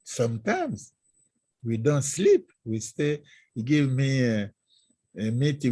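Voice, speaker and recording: Husky man, halting speech. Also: medium pitch, no echo. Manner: halting, searching for English words, animated storytelling. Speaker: guest scholar. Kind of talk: reminiscing interview talk.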